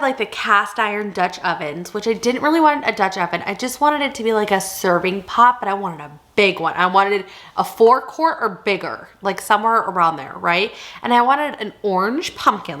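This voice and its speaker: A woman's voice: medium pitch, fairly bright tone. A woman in her thirties chatting casually in a haul vlog, rambling and giggling as she shows off her finds. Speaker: vlogger showing a haul. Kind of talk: casual chat.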